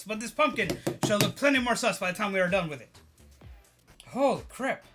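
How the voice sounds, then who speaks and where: A streamer talking live to chat from a very small room, excitable and playful, exclaiming a lot and speaking in a deliberately silly put-on accent. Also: medium pitch, faint music behind. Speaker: streamer carving a pumpkin. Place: very small room, standing at a desk.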